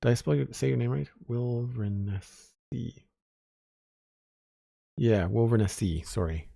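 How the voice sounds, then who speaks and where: A man's voice: mid-range voice, fast, gravelly, husky, no echo, clean studio sound. A man casually chatting with viewers while playing a game on a live stream, thanking followers and commenting as he goes. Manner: relaxed, chatty, reads out chat names and thanks followers.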